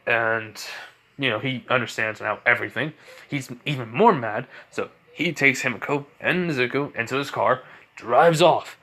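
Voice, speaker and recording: A man tells an improvised fan story off the cuff, rambling and restarting as he goes. His voice sits at an ordinary middle pitch, and he speaks casually, full of "like" and "you know". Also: moderate pace, bright, forceful tone.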